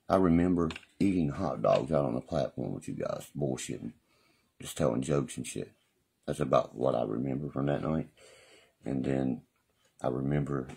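Man, extremely deep voice, husky, profane rambling live-stream storyteller. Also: darkish tone. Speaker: livestreamer.

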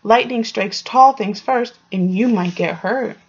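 A woman voicing a calm, protective mother fox in a storybook read-aloud, in a dull lo-fi recording. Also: fairly high pitch, measured pace, husky. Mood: caring. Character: caring, firm mother fox.

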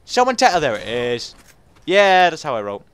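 A young man in his late teens from England talks fast and rambles jokily over a game, and his high voice leaps around wildly. There is a faint hiss behind him throughout. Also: huge pitch swings, a bit bright. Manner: fast, rambling and jokey, with sudden squeaky jumps. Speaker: gaming YouTuber. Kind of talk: casual gameplay commentary.

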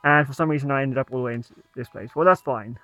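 This gamer talks quickly, his medium-pitched voice sharp in tone, as he gives casual, playful commentary on his video game and chuckles at his own jokes. There's no room sound, though the lo-fi recording sounds dull.

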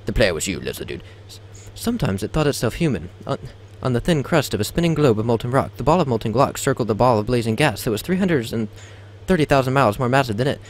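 A young man hosting a let's play video reads theatrically over gameplay, stumbling and dropping joking asides. His mid-range voice is sing-song and fast with few pauses, and there's a little hiss or hum.

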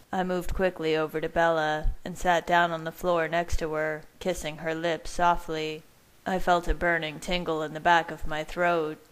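A woman narrating fan fiction in the first person, at a measured reading pace. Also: low-pitched, clear, resonant tone, rough recording. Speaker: reader.

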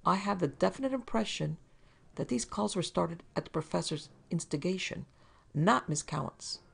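Fussy, prim male client with a whiny, raised pitch and a gravelly edge, as a woman reader puts him on. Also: expressive, normal speed, fairly bright tone, exaggerated voice. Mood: wheedling. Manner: prim, fussy wheedling talk, higher pitch. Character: fussy, wheedling middle-aged man client. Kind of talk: storybook reading.

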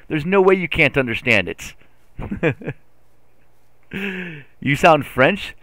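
A man streaming a farming game live, chatting playfully with his chat and getting excitable over his driving. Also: fairly high pitch, slow pace, long pauses, no room sound. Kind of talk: live gameplay commentary.

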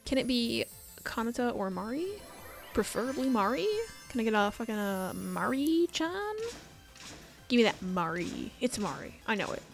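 A woman's voice: on the high side, a little fast, soft background music. A woman doing casual commentary on her game pulls, chatty, begging for good luck and swearing when it fails. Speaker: gaming YouTuber. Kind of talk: casual gacha pull commentary.

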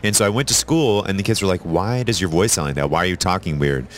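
A man answering interview questions in a relaxed, modest and friendly way. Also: deep voice, fast talker, slight background noise. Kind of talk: casual interview chat.

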